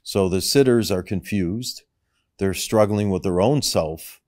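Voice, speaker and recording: A man who is a guest on a podcast, explaining his ideas in a measured way. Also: deep voice, a little mellow, no room sound, clean studio sound. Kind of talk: conversational interview.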